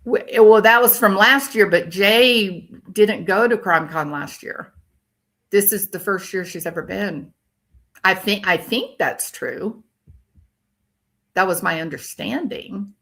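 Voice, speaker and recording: A woman's voice: mid-range voice, slow, a bit bright. An older woman hosting a casual true crime commentary livestream, ranting and reacting to viewer comments as they come in.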